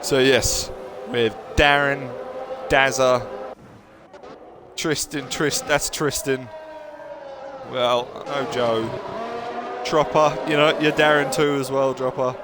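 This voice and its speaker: A man's voice: medium pitch, fairly even intonation, slow, pauses often, background noise. A young man commentating a sim racing stream, chatting casually and joking with viewers and drivers. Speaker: race commentator.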